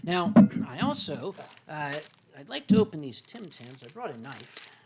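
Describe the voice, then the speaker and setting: Heavy background noise surrounds an older American man whose slightly high voice is very animated yet unhurried. Hosting a casual livestream while drinking wine, he rambles, jokes, and often fills or restarts his sentences.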